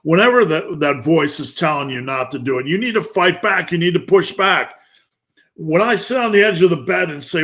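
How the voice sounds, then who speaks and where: A man's voice: high-pitched, brisk, fairly bright tone. A man in his fifties giving a blunt, intense motivational rant, swearing heavily. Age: 50s. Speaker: motivational speaker.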